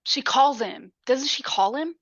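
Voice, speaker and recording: A woman's voice: high-pitched, lively intonation, fairly bright tone, no room sound, highs cut off. A woman co-hosting a podcast, chiming in with short agreeing remarks in casual chat. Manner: quick agreeing interjections. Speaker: podcast co-host.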